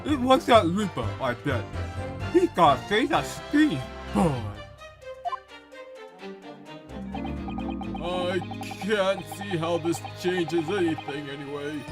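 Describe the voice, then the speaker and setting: A man's voice: fairly high pitch, expressive, slow. A man voicing a brash young male Cockney witness in a game read-along. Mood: grumbling. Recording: game music playing behind.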